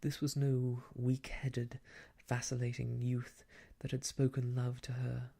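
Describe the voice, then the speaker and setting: A man softly reading an old novel aloud for ASMR, hushed and slow, slipping into whispers, close to the mic. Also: medium pitch, monotone, vocal fry. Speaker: storyteller.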